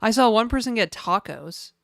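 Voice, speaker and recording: A woman's voice: on the high side, animated, normal speed, vocal fry, no echo, studio quality. A woman streaming live, chatting casually and rambling while reading out chat messages.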